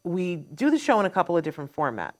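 A woman's voice: lowish voice, very animated, quick pace. A woman hosting a live Q&A show, chatty and upbeat, running through announcements in long strings. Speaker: host.

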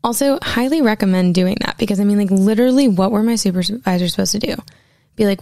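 A woman's voice: mid-range voice, fast, dark tone, dry recording, studio quality. A woman singer-songwriter casually telling stories in a chatty way, with lots of fillers. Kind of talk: casual storytelling.

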